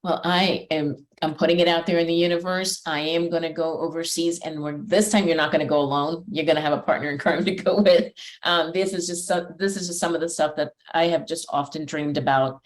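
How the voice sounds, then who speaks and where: A woman's voice: low voice, fairly even intonation, a little fast, few pauses. A woman hosting a podcast interview, talking in an effusive, emotional way with many restarts. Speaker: podcast host. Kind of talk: casual interview chat.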